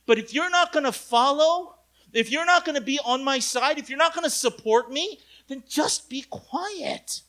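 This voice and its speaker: A young male pastor with a high, ringing voice delivers an animated retreat sermon. He swings from quiet, conversational asides to loud, acted-out quotes and keeps asking his listeners questions. The tone is bright and forward. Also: normal speed. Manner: conversational, asks the audience direct questions. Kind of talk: lively youth retreat sermon.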